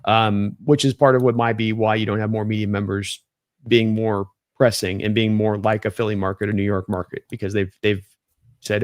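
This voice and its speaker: A man's voice: fairly low pitch, fairly quick, no room sound, studio quality. A man co-hosting a casual sports talk stream, opinionated and rambling with restarts. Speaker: podcast co-host.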